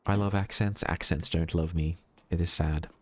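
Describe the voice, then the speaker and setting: A young man with a very deep, low voice streaming a horror game. He chats casually between tasks, dropping self-mocking jokes and playful asides to his viewers. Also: fairly even intonation, normal speed, a little mellow. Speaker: VTuber streamer. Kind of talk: casual gameplay commentary.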